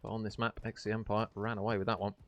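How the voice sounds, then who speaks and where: Low-voiced chatty male esports caster. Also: little pitch movement, fast, heavy background noise. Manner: chatty, jokey and affectionate. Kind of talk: casual stream commentary reading chat.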